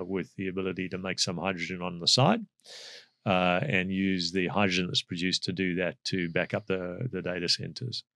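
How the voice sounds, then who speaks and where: A middle-aged man with a South African accent, speaking as an energy expert in a podcast interview, measured and explanatory with frequent fillers. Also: low voice, a bit bright, no room sound, studio quality.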